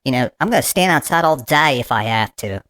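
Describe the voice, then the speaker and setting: A man's voice: mid-range voice, lively intonation, fairly quick, pushed and bright, voice pushed up. A man putting on a cranky bloody-this protester. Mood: grumpy. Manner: grumpy, complaining, repeats "bloody". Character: cranky male protester with a put-on British-style accent.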